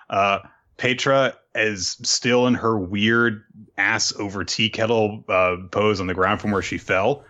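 A man's voice: fairly low pitch, pushed and bright. Sex: man. Role: podcast host. Style: casual profane recap. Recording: slightly dull lo-fi. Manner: loose and profane, fillers, jumps into quick character voices.

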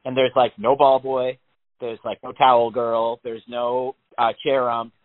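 On a podcast, a man chats casually and tells stories, swearing plenty and acting out panicked voices with animated flair. His voice is mid-range and a little slow, and the recording sounds narrow-band, like a phone.

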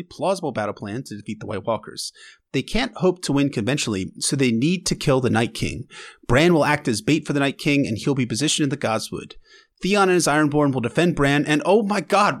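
Lively, sarcastic man recapping. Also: fairly high pitch. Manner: emotional, wry and sarcastic asides. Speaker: podcast host. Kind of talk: casual episode recap.

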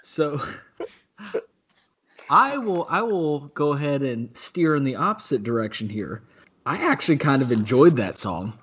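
Male podcast co-host, rambling, halting restarts, casual, lo-fi audio. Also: mid-range voice, big pitch swings, fairly bright tone, slight background noise. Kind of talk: casual chat.

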